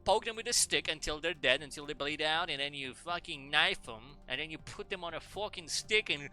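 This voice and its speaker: A man voicing a boisterous male survival host with a put-on Australian accent, loud and drawn out. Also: on the high side, lively intonation, fairly quick, faint music behind, pitched above the performer's own voice. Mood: hammy.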